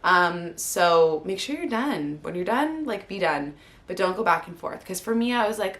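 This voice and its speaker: A woman's voice: on the low side, expressive, moderate pace, gravelly, fairly bright tone. A woman in her thirties, a mother, telling her story in a heartfelt, rambling way with many fillers, close to tears at times. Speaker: vlogger and mother. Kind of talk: candid personal vlog.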